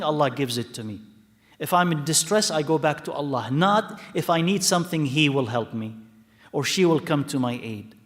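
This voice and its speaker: Man, religious lesson, explanatory, rhetorical "right?", Arabic phrases, reverberant mosque hall. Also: on the high side. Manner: explanatory, repeats points, asks rhetorical checks like "right?" and "okay?"; mixes in short Arabic phrases and blessings. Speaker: lecturer teaching hadith. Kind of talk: religious lesson to a live audience.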